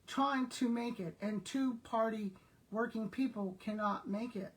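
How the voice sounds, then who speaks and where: Speaking at a measured pace in a fairly high voice, an older South Texas woman who once worked as a school principal shares everyday stories with her viewers in a casual chat.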